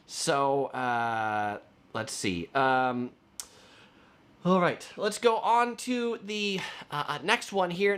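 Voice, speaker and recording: A man's voice: high voice, a bit bright. A man, a travel vlogger talking casually and chattily, with frequent fillers. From United States. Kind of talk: casual travel vlog talk.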